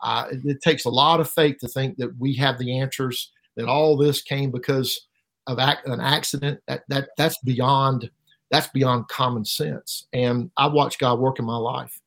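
A middle-aged man giving an emotional personal testimony as an interview guest, halting and repeating words, his voice rising sharply at painful moments. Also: medium pitch, steady tone, vocal fry, a bit bright. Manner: halting, repeats words, voice rises sharply when reliving pain.

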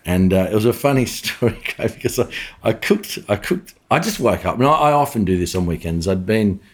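Deep-voiced Australian man telling stories. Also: sing-song, a little fast. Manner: rambling anecdotes with many restarts and fillers. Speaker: chef, podcast guest. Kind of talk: casual interview storytelling.

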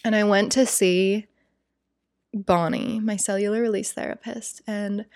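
A woman's voice: mid-range voice, fairly even intonation, a little slow, a little mellow, no room sound, clean studio sound. A young adult woman telling a personal story in a chatty way, full of fillers, acting out what people said. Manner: chatty, lots of "like" fillers, acts out quoted voices. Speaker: yoga teacher and podcast host.

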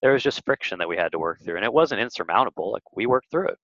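A man, a marketing agency head, talking as an interview guest, telling lively stories and acting out quotes. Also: on the low side, fast talker, dry recording, highs cut off. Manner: animated storyteller, acts out quotes. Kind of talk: casual interview talk.

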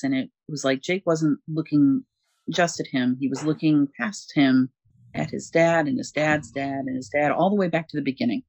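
A man's voice: on the high side, gravelly, a little mellow, no room sound. A man casually recapping a story, rambling with many fillers and chuckles. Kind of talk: casual comic book recap.

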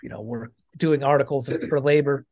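A man's voice: mid-range voice, fairly even intonation, moderate pace, a little mellow. A man from Maine in casual conversation, chatty, laughing often and restarting his sentences. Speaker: podcast guest. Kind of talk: casual chat.

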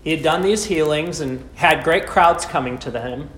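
A man preaching a sermon, asking rhetorical questions and slowing down with dramatic pauses. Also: fairly high pitch, a bit bright, slight background noise. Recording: echoey room with faint ambience.

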